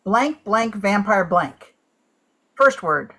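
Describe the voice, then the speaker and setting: Woman guessing slowly with many fillers. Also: medium pitch, lively intonation, a bit bright. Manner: guesses aloud in halting bursts with many fillers. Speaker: game player. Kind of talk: guessing game.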